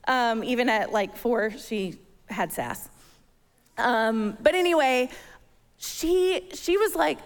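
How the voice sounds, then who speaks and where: A woman's voice: high-pitched, big pitch swings, a little slow. A woman in her thirties giving a sermon, telling a personal story and acting out her own panic. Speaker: church speaker. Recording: long hall reverb.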